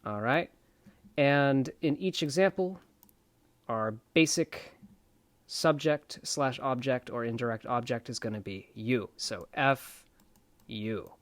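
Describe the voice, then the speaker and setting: Male presenter, slow and unhurried, dry close sound, chatty lesson delivery. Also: medium pitch, dry recording. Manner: chatty and playful, repeating words slowly for pronunciation. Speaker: self-taught Latin presenter. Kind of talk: casual explanatory lesson.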